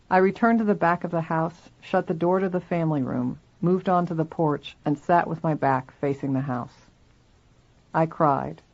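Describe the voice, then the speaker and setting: A reader narrating a memoir aloud in steady first person, in a dull lo-fi recording. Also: medium pitch.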